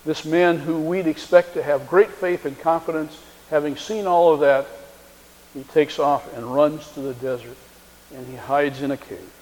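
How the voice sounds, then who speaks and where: A man's voice: on the high side, steady tone, moderate pace, darkish tone. A man preaching a sermon, retelling a story and acting out the quoted lines in shifting voices. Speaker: pastor. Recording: long reverb of a large hall.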